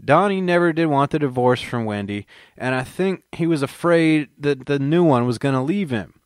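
A man's voice: a little high, expressive, normal speed, smooth, no room sound, clean studio sound, lightly acted. A man voicing a plainspoken older man with a Texas accent, telling a family story in a blunt, folksy way.

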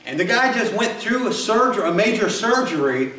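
A preacher heard from afar in a roomy church. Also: male voice, high-pitched, big pitch swings, a little fast, sharp tone. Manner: folksy, rambling, frequent restarts and asides. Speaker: pastor. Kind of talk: sermon. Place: church sanctuary. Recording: roomy, from a distance.

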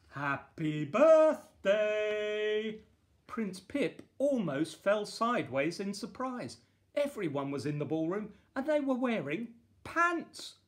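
Slow, animated man reading a storybook. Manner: lively, playful, with bursts of excited high exclamations. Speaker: author reading his picture book. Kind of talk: children's storybook read-aloud.

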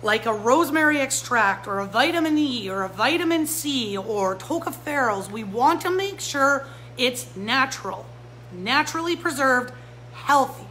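Woman, pet store owner, live-stream talk, bright, fired up, faint hum. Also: sits high, a little slow, low-quality recording. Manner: fired-up, animated, talks straight to viewers. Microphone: phone or camera mic.

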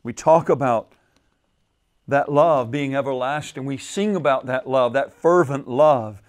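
A male pastor preaching a sermon at a men's retreat, repeating phrases and swinging between soft and loud for emphasis. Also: a little slow. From United States. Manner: repeats phrases, rises and falls in pitch and volume for emphasis.

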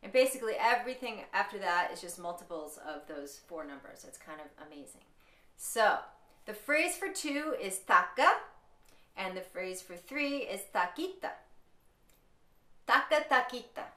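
A woman's voice: medium pitch, expressive, moderate pace, bright, forceful tone. A woman teaching a rhythm lesson, who explains patterns and chants counted syllables aloud. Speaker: music teacher. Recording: echoey room.

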